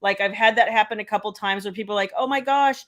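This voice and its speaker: A woman's voice: medium pitch, flat delivery, rapid-fire, fairly bright tone. A middle-aged woman, chatting casually on a live stream and answering viewers by name. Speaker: romance author hosting a live stream.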